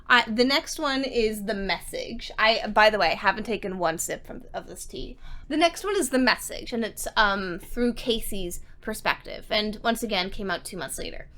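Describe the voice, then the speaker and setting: A woman reading vlogger giving a casual book recap and review, excitable and emphatic, swearing offhandedly. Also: fairly high pitch.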